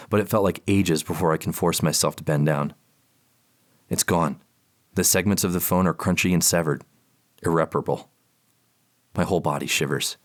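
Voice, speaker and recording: A man narrating a first-person audiobook in a tense, panicked inner voice. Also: deep voice.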